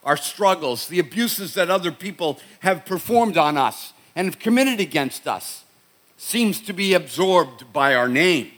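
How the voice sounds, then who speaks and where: This sermon comes from a middle-aged pastor out of Boston, USA, whose slightly high voice has a fairly bright tone. He speaks with a Boston accent and tells stories conversationally, repeatedly restarting his sentences.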